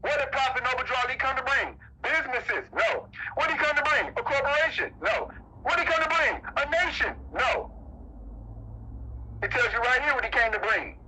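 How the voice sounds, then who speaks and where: A man's voice: very high-pitched, expressive, a little fast, pushed and bright, slightly rough, poor audio. A man preaching a sermon at a religious meeting, emphatic and repetitive, firing rhetorical questions at his listeners.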